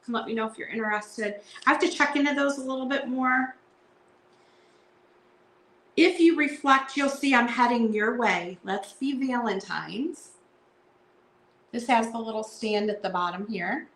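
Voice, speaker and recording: Woman host, casual live-sale chatter, unhurried, playful verse reading, echoey room. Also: on the high side, fairly bright tone. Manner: chatty, reads card verses aloud in a playful sing-song. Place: indoor room at home.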